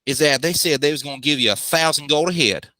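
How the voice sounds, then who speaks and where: A man's voice: fairly high pitch, fast talker, pushed and bright, dry recording, voice pushed up, low-quality recording. A man voicing a fussy, talkative male assistant with an Australian accent in a tabletop game, speaking in a rambling, folksy way. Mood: chatty.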